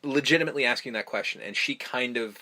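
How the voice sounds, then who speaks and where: A man's voice: mid-range voice, quick pace, pushed and bright. A man hosting a podcast, recapping a film in casual, rambling chat full of ums, restarts and swearing. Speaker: podcast host.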